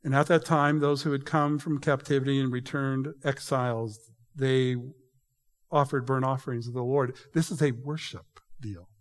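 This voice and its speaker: A man's voice: medium pitch, fairly even intonation, moderate pace. A man preaching a sermon in an emphatic, conversational way, addressing the congregation directly. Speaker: pastor. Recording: reverberant hall.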